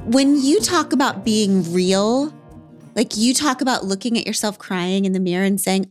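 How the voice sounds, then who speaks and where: A woman's voice: a little high, normal speed, no echo, faint music behind. A woman hosting a podcast, eager and enthusiastic in conversation. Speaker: podcast host. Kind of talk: casual chat. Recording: dry studio mic.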